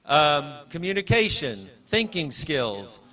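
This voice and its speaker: A bright, forceful male voice with a pitch a little above average, presenting live in a university event hall. He talks in a chatty, rambling way, full of self-corrections and asides to the people running the screen. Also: very animated, slow pace. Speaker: presenter at a library launch.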